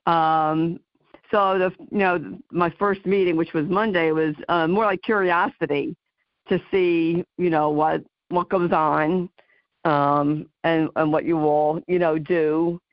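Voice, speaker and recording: A woman with a New Jersey accent hosting a talk radio interview, halting and full of ums and you knows. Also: low-pitched, fairly even intonation, no room sound, muffled recording. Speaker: host.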